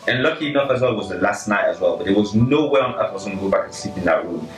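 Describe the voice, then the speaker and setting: Low-voiced young man telling a spooky story. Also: racing. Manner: animated, filler-heavy, full of "like" and "right?". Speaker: podcast co-host telling a story. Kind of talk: casual storytelling chat. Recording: echoey room, slightly distant, faint music.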